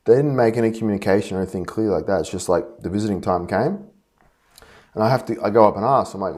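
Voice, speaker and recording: A man telling a personal story in a rambling, halting way, frustrated and full of fillers and restarts. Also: on the low side, darkish tone. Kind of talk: casual personal monologue.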